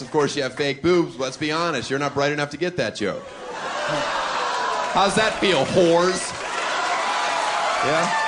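A male stand-up comedian performing a brash set with deadpan asides on a comedy club stage. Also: a little high. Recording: live audience laughter and room noise.

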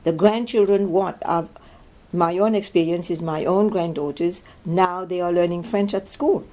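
A woman's voice: lowish voice, fairly even intonation, moderate pace, a little mellow. An older woman, answering interview questions in a thoughtful, hesitant way with frequent fillers. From Mauritius.

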